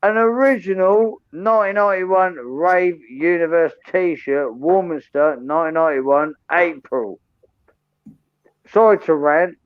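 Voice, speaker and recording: A British man, a tipsy, sweary live stream co-host, talking loud and ranting in a boozy late-night chat. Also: fairly high pitch, a little slow, smooth, no room sound, highs cut off.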